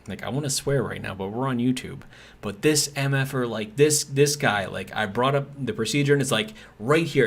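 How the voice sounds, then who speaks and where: A man streaming a game, telling a long, exasperated work story in a rambling, casual way with lots of fillers. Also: medium pitch. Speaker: gaming streamer. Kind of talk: casual ranting chat while gaming.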